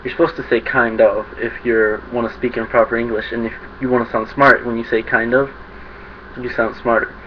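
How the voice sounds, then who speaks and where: A man's voice: mid-range voice, flat delivery, fairly quick. Rambling young guy vlogging. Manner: rambling, self-conscious, laughs at himself. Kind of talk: casual rambling monologue. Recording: dull lo-fi webcam audio with faint hiss.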